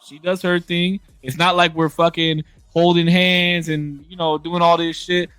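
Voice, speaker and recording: This thirties-aged man sounds on the high side, a bit bright and slightly slow, with a flat delivery and a clean, echo-free tone. Chatting casually and candidly, he's emphatic and blunt, with frequent profanity and restarted sentences.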